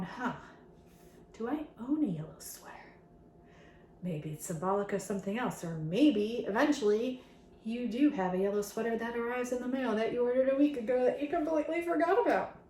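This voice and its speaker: A woman tarot reader talking casually and ramblingly to her viewers, swearing now and then as she wraps up a reading. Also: medium pitch. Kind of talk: casual channeled reading wrap-up. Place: room at home. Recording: echoey room.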